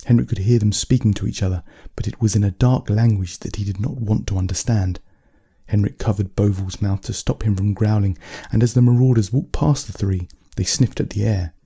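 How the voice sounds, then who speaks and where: A man reading a bedtime story in a calm, measured, soft-spoken manner. His voice sits low and mellow, with a husky edge to it.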